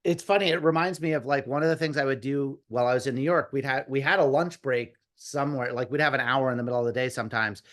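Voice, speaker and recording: A man in his fifties, a comedy writer guest, telling animated, rambling stories with lots of restarts and quoted asides. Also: medium pitch, fast, hardly any pauses. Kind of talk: casual storytelling interview.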